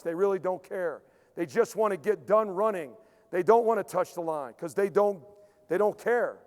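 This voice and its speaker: A man, a strength coach, giving an emphatic conference lecture, repeating key points and dropping into quiet acted-out asides. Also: sits high. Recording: long hall reverb.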